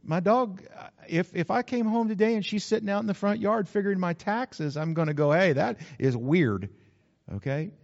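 A man, a pastor, preaching a sermon in an earnest way, slowing down to stress key words. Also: high-pitched, gravelly, darkish tone. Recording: slightly dull lo-fi sound.

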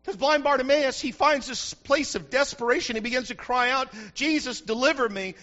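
A man's voice: very high-pitched, brisk, bright, forceful tone, lo-fi sound. A man preaching a sermon in church, fervent and often asking the congregation if they follow him. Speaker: pastor.

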